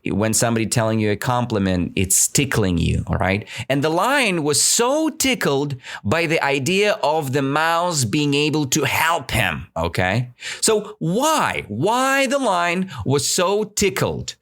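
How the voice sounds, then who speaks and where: A man's voice: on the high side, very animated, fairly bright tone. A man hosting an English-learning podcast, explaining a story to learners and often checking that they follow. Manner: slow, questioning, keeps checking understanding. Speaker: English teacher, podcast host.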